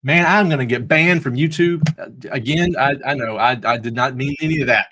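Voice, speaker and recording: A man's voice: mid-range voice, a little fast, pushed and bright, a little hiss or hum, rough recording. A man hosting a livestreamed Bible study podcast, talking in an earnest, preacherly way with jokey asides. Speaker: podcast host.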